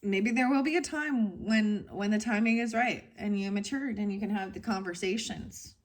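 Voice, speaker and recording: A woman's voice: mid-range voice, normal speed. A woman giving a casual tarot reading to her viewers, rambling and frank, going off on tangents. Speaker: tarot reader.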